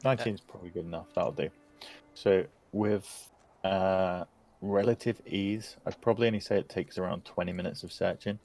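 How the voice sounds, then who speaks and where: A man narrating as game master, relaxed and hesitant with frequent fillers. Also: low-pitched, normal speed. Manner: relaxed, hesitant with many ums.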